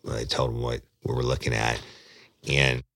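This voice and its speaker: Very deep-voiced man telling a story. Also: level tone, normal speed, gravelly, fairly bright tone, no echo, studio quality. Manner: rambling, detours into directions, swears casually. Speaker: detective recounting a case. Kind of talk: casual spoken storytelling.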